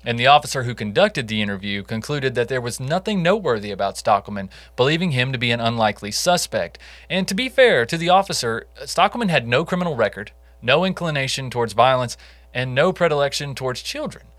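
A man's voice: medium pitch, expressive, fast talker, a bit bright, dry recording. A man co-hosting a casual true crime podcast, telling the case in a conversational way with jokey asides. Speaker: podcast co-host.

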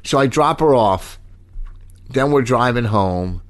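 A man's voice: medium pitch, animated, slow. Profane exasperated man telling a story. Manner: profane, exasperated, acts out drunk voices. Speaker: storyteller in a couple's chat. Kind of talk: casual comedic storytelling.

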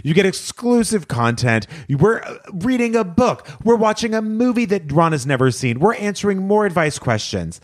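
A man's voice: high voice, normal speed, hardly any pauses, no room sound, clean studio sound. Guy cohosting a chat show, voice jumps all over, jokey and ranty. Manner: animated, joking, rants freely. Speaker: podcast co-host. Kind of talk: casual chat.

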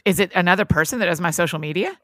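A woman's voice: on the low side, rapid-fire, a bit bright, no echo, studio quality. A woman hosting a podcast, chatting casually and laughing often with her co-host. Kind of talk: casual chat.

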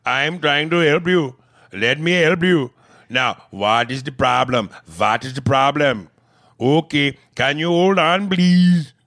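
A man's voice: a little high, slow, a bit bright, voice pushed up. A man voicing a harried male customer-service agent with a put-on Indian accent, pleading and insistent.

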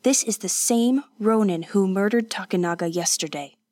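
A woman's voice: mid-range voice, moderate pace, darkish tone, no echo, natural voice. A woman voicing a proud, impatient young man in a storybook reading, speaking curtly and earnestly. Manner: curt, earnest, tense.

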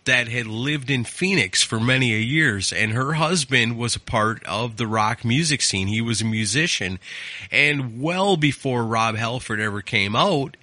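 A man co-hosting a casual chat, telling a story with animated delivery and acted-out quotes. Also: mid-range voice, a little slow, dry recording. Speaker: podcast co-host.

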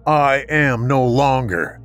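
A man voicing a calm, resolute male warrior who speaks in a cold, quiet, measured way. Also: medium pitch, voice pushed up. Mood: cold resolve.

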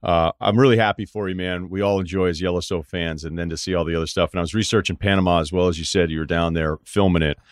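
Deep-voiced man hosting a casual sports podcast. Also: fairly even intonation, no echo, studio quality. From Massachusetts. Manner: conversational, profane, quick asides. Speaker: podcast host. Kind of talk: casual interview and sports talk.

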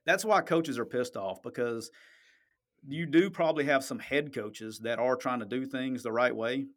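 This podcast host talks sports casually, speaking at a moderate pace in a mid-range voice. He's blunt, emphatic, and profane, and keeps checking in with "okay?"

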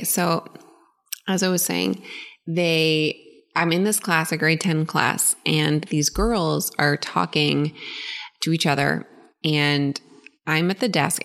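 A woman, co-hosting a podcast and telling a story in an animated, casual way, full of "like" and acted-out quotes. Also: low-pitched, creaky. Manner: animated, acts out voices in quotes, fillers of like. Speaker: podcast co-host.

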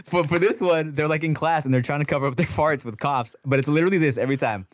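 A man co-hosting a podcast, telling excitable stories in casual chat and breaking into laughter and shouted quotes. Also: a little high, fast talker, no room sound, studio quality. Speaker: podcast co-host.

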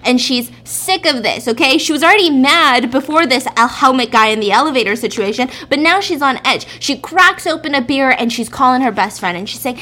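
A woman's voice: high-pitched, lively intonation, brisk, few pauses, pushed and bright. A woman chatting and laughing as she retells a story while cooking in a home kitchen. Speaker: vlogger.

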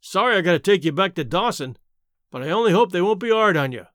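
A man voicing a polite, dutiful policeman who speaks in a courteous, brisk way. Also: sits high, animated, fairly bright tone, smooth, no echo, studio quality. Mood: apologetic.

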